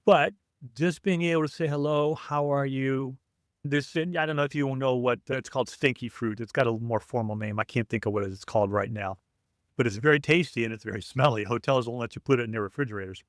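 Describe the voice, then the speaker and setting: Man telling relaxed stories. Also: mid-range voice, quick pace, no echo, clean studio sound. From United States. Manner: relaxed, anecdotal storytelling. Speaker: podcast guest. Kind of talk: interview conversation.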